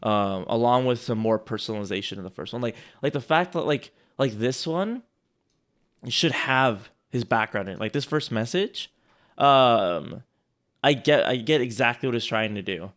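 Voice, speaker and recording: A man co-hosting a casual chat, rambling and restarting his sentences, quick to laugh. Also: medium pitch, lively intonation, a bit bright. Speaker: co-host reviewing sales outreach.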